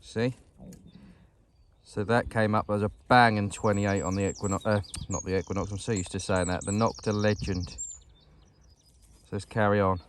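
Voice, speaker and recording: A British man goes metal detecting in a field for his vlog, keeping up a chatty, upbeat walk-and-talk and greeting viewers as ladies and gents. He has a fairly low voice with little pitch movement, normal speed and long pauses, and there is slight hiss or hum.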